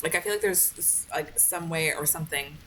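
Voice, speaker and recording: A woman's voice: low-pitched, a little fast, fairly bright tone, a little hiss or hum, low-quality recording. A woman streaming a game with casual commentary, frustrated and swearing, with many "like" fillers. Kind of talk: casual let's-play commentary.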